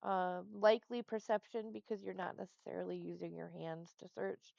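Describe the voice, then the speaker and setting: A woman's voice: fairly low pitch, little pitch movement, normal speed, vocal fry, darkish tone, dry recording. A woman running a tabletop game as dungeon master, patiently explaining the rules step by step. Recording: dull lo-fi dry sound.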